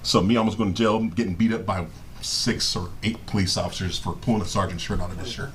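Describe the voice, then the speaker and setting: A middle-aged man telling comic stories on a live show, animated and profane, often breaking into laughter. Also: sits low, fast talker, a little hiss or hum. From Southern California. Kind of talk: casual comedic storytelling. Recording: live stream with faint ambience.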